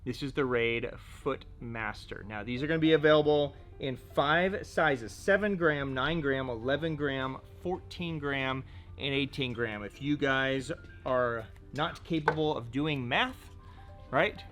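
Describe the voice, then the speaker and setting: A man talks through fishing lures in a relaxed showcase, chatty and a little jokey, at a mid-range pitch. Faint music plays softly behind him. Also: measured pace. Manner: chatty, joking, full of "so" and "right?". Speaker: fishing tackle shop presenter. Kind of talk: casual product showcase.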